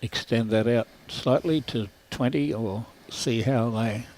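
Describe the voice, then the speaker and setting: A man's voice: mid-range voice, a little slow, darkish tone, poor audio. An older Australian man commentating lawn bowls live, with dry, jokey banter.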